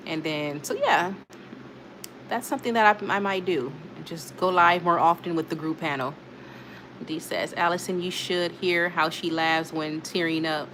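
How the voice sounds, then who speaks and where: A woman's voice: fairly low pitch, normal speed, a bit bright, slight background noise. A woman hosting a casual live stream, chatting and laughing as she reads out comments from her viewers. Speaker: livestream host reading chat.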